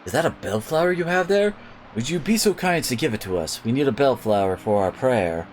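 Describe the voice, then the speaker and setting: A polite young noblewoman speaks gently and formally, as a man reads her lines. The pitch is lively, and faint game music plays behind. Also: a little fast, natural voice, rough recording. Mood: gentle.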